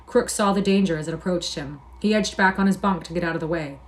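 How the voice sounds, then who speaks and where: A woman reading a classic novel aloud on a live stream in an even, measured narrating voice. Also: on the low side.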